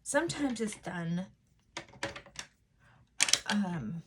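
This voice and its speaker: A woman vlogger chatting casually while getting ready, talking things through in a thoughtful, unhurried way with frequent pauses and fillers. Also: medium pitch, lively intonation, noisy background. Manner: unhurried, reflective, thinking aloud.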